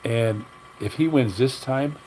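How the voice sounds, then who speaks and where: A man's voice: mid-range voice, takes it slowly, a little mellow, a little hiss or hum, low-quality recording. An older man hosting a livestream, talking bluntly in a rambling, opinionated way. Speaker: livestream host. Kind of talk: casual livestream rant.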